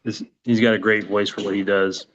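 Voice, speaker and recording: A man's voice: lowish voice, little pitch movement, a little fast, a bit bright, lo-fi sound. A man joking easily while co-hosting a casual livestream podcast. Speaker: co-host.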